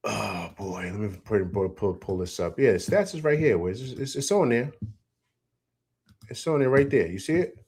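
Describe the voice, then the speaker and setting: Animated man hosting a postgame show. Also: lowish voice, normal speed, breathy edge. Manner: animated, emphatic, repeats himself, reads chat comments aloud. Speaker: sports show host. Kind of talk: live postgame call-in show.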